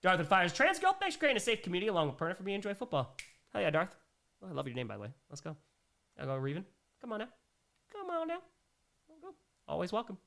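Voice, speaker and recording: Brief: young male streamer, slightly higher voice, emphatic casual Q&A host. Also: big pitch swings, racing, vocal fry, pushed and bright. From New York. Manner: reads viewer messages aloud and reacts, emphatic and conversational. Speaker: livestream host. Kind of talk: casual livestream Q&A.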